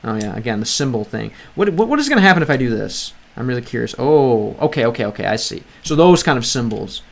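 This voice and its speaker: With a creaky, mid-range voice that swings widely in pitch, a man talks quickly while livestreaming his language study. He chats casually, reads viewers' messages, thinks aloud and keeps restarting his sentences.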